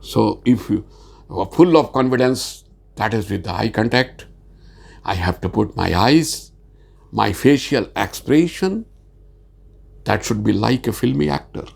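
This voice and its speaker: A man lecturing on sales communication in a halting, earnest way, repeating words and pausing often with fillers. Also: lowish voice, animated, gravelly, darkish tone, breathy edge. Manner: speaks slowly with many fillers. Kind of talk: informal spoken lecture.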